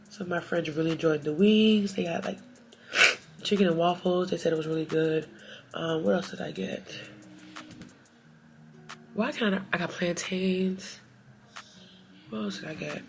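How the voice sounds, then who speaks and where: Chatty woman vlogging her makeup routine. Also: lowish voice. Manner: chatty, animated, sassy exclamations. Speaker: beauty vlogger. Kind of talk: chatty get-ready-with-me talk.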